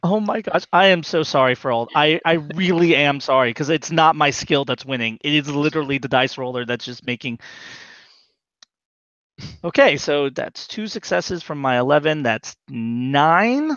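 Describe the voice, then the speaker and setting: A man running a tabletop role-playing game as game master, explaining the rules haltingly with many fillers. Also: on the high side, a bit bright, dry recording, lo-fi sound.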